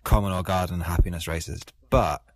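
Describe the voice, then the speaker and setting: A man's voice: low-pitched, steady tone, brisk. A man co-hosting a history podcast, chatting casually and reading old newspaper letters with playful emphasis. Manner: jokey, reads quotes with playful emphasis. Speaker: podcast co-host.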